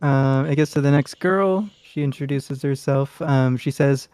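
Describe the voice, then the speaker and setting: A man's voice: mid-range voice, unhurried, few pauses, a little mellow, smooth, no room sound. A man narrating a tabletop game as game master, in a loose, rambling way with lots of fillers.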